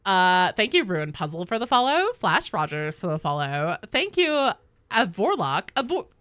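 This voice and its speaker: A woman's voice: mid-range voice, sing-song, moderate pace, fairly bright tone, clean tone, no room sound. A woman voicing a bubbly young valley girl while reading out thank-yous in a chirpy, sing-song way.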